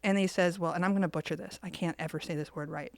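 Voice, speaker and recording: A woman's voice: on the low side, fairly even intonation, quick pace, creaky, no room sound. A woman co-hosting a podcast, telling a story in casual chat and acting out the quoted lines. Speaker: podcast co-host.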